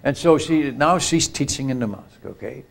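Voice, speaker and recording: A man's voice: mid-range voice, lively intonation, normal speed, vocal fry. An older man, a missionary speaker, telling a story in a sermon at a retreat camp meeting, acting out the quoted voices and often turning to the audience with asides.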